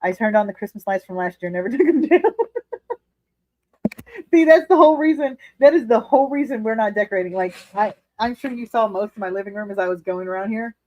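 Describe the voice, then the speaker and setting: A woman's voice: mid-range voice, fast, hardly any pauses, a little mellow, no echo, muffled recording. A woman hosting a casual livestream from her living room, chatting candidly with viewers, laughing often and swearing freely. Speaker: livestream host reading chat. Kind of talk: casual chat.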